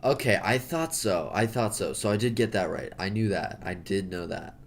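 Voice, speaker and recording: A man's voice: on the low side, lively intonation, normal speed, creaky, slight background noise. A man with an American accent chatting casually while he draws, rambling, jokey and correcting himself. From United States. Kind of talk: casual chat while drawing.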